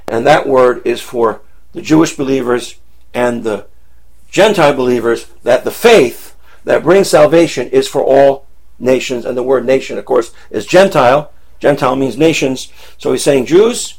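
Bible teacher checking in with "right?". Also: male voice, mid-range voice, darkish tone. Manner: checks in with frequent "right?" and "okay?"; asks the listeners questions.

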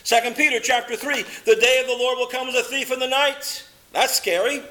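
A man preaching a sermon with a high, bright voice. He sways between loud, lifted exclamations and low, hushed statements, pressing each point hard. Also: fairly even intonation, fairly quick.

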